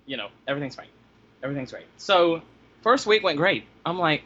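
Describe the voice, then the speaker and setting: A man tells pet-sitting stories in a casual chat, acting out his own past reactions with animated energy. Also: a little high, fairly quick. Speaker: podcast guest telling pet-sitting stories. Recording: slightly dull lo-fi sound.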